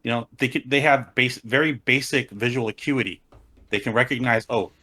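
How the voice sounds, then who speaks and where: A man's voice: mid-range voice, fairly quick, sharp tone. A man on a podcast panel, talking about cosplay in a wry, opinionated, casual way.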